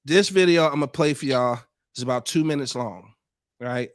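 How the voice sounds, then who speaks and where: A man's voice: medium pitch, moderate pace, dry recording, clean studio sound. A man hosting a podcast, casually breaking down a video with loose, profane talk and frequent laughs. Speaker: podcast host.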